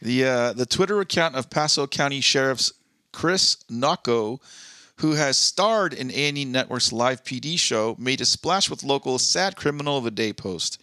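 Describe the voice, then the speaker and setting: A man's voice: medium pitch, lively intonation, normal speed, sharp tone, no echo, studio quality. A man co-hosting a casual podcast, reading news articles aloud and giving blunt, profane opinions. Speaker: podcast co-host.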